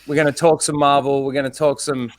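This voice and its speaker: A man's voice: mid-range voice, little pitch movement, fast, no room sound. Enthusiastic man co-hosting. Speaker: co-host, streamer. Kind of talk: casual chat.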